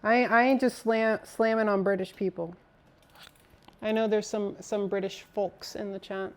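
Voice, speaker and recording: A woman's voice: mid-range voice, steady tone, normal speed. A woman streaming live, chatting casually with her viewers as she builds a PC, swearing now and then. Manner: chatty, talks to chat while assembling a PC.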